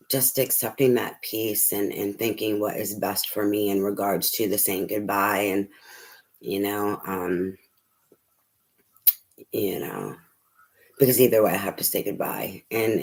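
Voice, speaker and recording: A middle-aged man, a tarot reader, talking casually and candidly to his viewers, rambling with many fillers and restarts and the odd swear word. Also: fairly low pitch. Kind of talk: casual personal talk to viewers.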